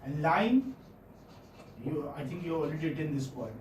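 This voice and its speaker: In a classroom phonetics lecture, the middle-aged man with an Indian English accent speaks expressively at a moderate pace, his slightly high voice a little mellow. He repeats words and coaxes students with regular checks, captured by a distant mic in an echoey room with faint noise.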